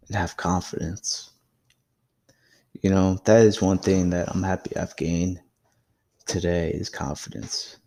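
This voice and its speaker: A man's voice: low-pitched, gravelly, slightly rough. A young man hosting his own podcast, telling a personal story in a casual, reflective and encouraging way. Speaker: podcast host. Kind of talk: casual solo podcast monologue.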